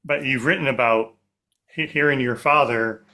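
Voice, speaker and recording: A man's voice: medium pitch, moderate pace, bright, forceful tone. A man hosting a conversational interview who asks long, rambling questions with frequent restarts. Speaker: podcast host.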